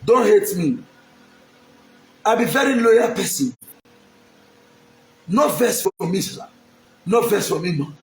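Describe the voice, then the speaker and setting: Slow and full of long pauses, a high-voiced yet animated man delivers an emphatic, pleading public appeal to the camera, repeating his lines. He's an aspiring local politician from Edo State, Nigeria, with a Nigerian accent, and the sound is roomy.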